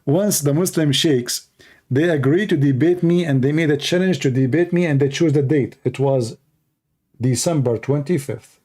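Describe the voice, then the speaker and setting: A man's voice: a little high, normal speed, a little mellow. A man hosting a livestream, talking off the cuff in a combative, mocking, rambling way, his voice tired after hours of talking. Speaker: livestream host. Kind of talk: unscripted livestream monologue.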